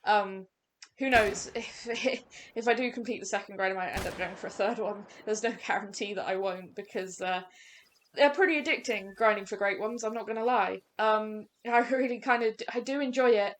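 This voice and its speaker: A young woman hosting her gaming channel, giving chatty, excitable commentary over gameplay, full of fillers and restarts. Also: medium pitch, normal speed, a little hiss or hum.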